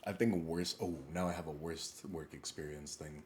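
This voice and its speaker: A man's voice: a bass voice, steady tone, normal speed, a little hiss or hum. A young man co-hosting a podcast, telling stories in casual chat, swearing freely and laughing often. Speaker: podcast co-host.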